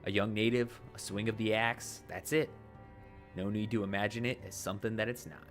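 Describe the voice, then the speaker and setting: This man's voice sits on the low side, steady and brisk, with faint music in the background. He performs a text adventure game in an affected accent, his dramatic narration interrupted by offhand remarks to viewers.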